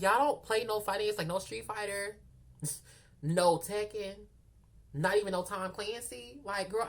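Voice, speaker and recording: A woman telling a story to her viewers in a sassy, animated, chatty way, often calling them girl and y'all. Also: mid-range voice. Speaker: storytime vlogger. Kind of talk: casual storytelling to the camera.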